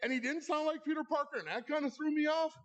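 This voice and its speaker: Guy hosting an awards night, pretty high voice, spinning a funny story with cheeky asides to the crowd. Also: fast talker, muffled recording. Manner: playful, with wry asides to the audience. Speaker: awards ceremony host. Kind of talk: comedic storytelling monologue. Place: live event in a club hall.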